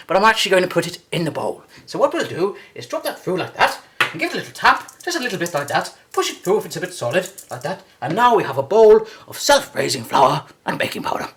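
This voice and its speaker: A man's voice: high-pitched, fairly bright tone. A man hosting a comic in-character cooking demo, jokey and rambling with self-correcting asides. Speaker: cooking video host.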